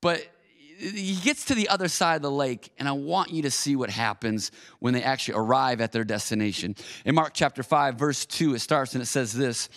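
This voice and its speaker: A man's voice: medium pitch, moderate pace, fairly bright tone. A man preaching a casual sermon, talking in a conversational way and often repeating his words. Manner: conversational, repeats words, acts out quoted voices. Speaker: pastor.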